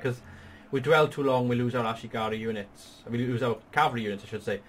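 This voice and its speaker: A man's voice: medium pitch, fairly even intonation, fast talker, a bit bright. Man, gaming host, strategy game tutorial, patient and upbeat, explains each move, faint background hiss. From Wales.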